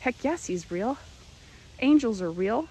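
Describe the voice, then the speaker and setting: A woman's voice: a little high, a little slow, husky. Woman telling a personal story. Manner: animated storytelling. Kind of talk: personal testimony.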